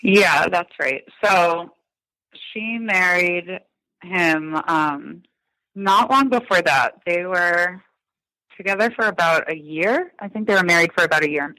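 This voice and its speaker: A man's voice: high voice, measured pace, sharp tone, no room sound, rough recording. A man in his thirties from Massachusetts, talking reflectively in a podcast interview with many ums and likes. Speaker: guest, son of a crime victim.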